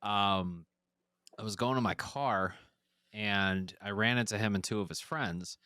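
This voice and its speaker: A fairly low-pitched man talks in a bright, smooth, resonant voice, recorded dry and close. He tells his story loosely, with lots of fillers and frequent swearing. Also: measured pace, no echo. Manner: rambling, profane, many fillers. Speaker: podcast guest, musician. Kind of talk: casual storytelling.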